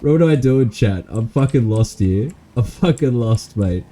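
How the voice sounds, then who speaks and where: A man's voice: medium pitch, lively intonation, a little slow, dark tone, a little hiss or hum. A man chatting casually while streaming a roleplay game, slangy, swearing often and laughing easily.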